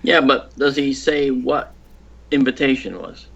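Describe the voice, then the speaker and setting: A skeptical, wry man as a guest in a casual chat, quick to jump in. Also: medium pitch, animated, vocal fry, a bit bright, breathy edge. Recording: dull lo-fi remote line.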